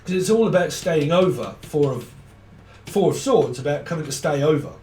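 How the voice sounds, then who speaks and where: A man's voice: fairly high pitch, expressive, moderate pace, darkish tone, recorded from a distance, a little hiss or hum. A man giving a casual, rambling tarot reading, swearing freely and laughing often. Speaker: tarot reader. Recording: roomy sound from off the mic.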